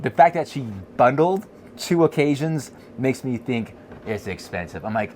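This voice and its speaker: A man co-hosting a podcast, chatting casually, reading viewer comments and telling animated stories with frequent laughter. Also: medium pitch, normal speed, slight background noise. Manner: animated storytelling, laughs often. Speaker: podcast co-host.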